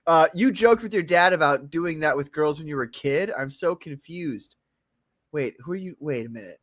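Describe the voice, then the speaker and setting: A man's voice: on the high side, animated, a little slow, no echo, studio quality. A man co-hosting a podcast, trading crude, teasing jokes in loose banter. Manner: mocking, jokey, teasing. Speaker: podcast co-host.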